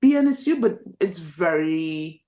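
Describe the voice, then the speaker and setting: A woman with a Trinidadian accent, a teacher chatting in an interview, animated and quick in bursts, with many fillers. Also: low voice. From Trinidad and Tobago. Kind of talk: casual interview chat. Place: living in Shanghai.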